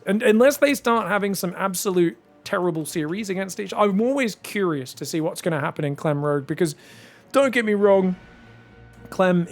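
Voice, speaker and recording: A man giving solo esports commentary in a chatty, joking way with excitable asides. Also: fairly high pitch. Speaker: esports caster.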